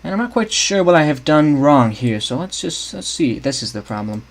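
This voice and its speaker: This young man streams himself scripting a game map, chatting casually with viewers, thinking aloud, and often restarting. His fairly high voice swings widely in pitch at a moderate pace.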